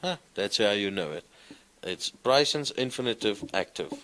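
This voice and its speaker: A man's voice: on the low side, lively intonation, normal speed, fairly bright tone. A man teaching a classroom lesson, speaking in an encouraging way and often asking his students questions. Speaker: Greek teacher. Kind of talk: classroom lecture.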